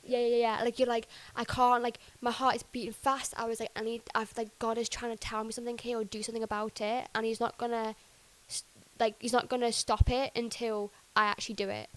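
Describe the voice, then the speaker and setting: As a podcast guest, a young woman shares her personal faith testimony in a chatty way, peppering it with "like" and acting out things she once said. Her voice is fairly high and flat, and she speaks fairly quickly. The audio quality is poor.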